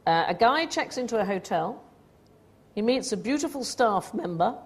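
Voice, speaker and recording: Expressive and on the high side, a woman's voice moves at a moderate pace as she hosts a television quiz show in front of an audience. Between clues she adds dry, wry quips, and laughter fills the noisy studio.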